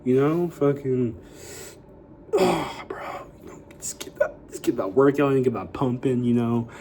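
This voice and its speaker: A young YouTuber with a mid-range, darkish voice talks a little slowly, and the poor audio has a slight hiss or hum. His casual vlog chat rambles along, full of "like" and "you know," with upbeat hype aimed at viewers.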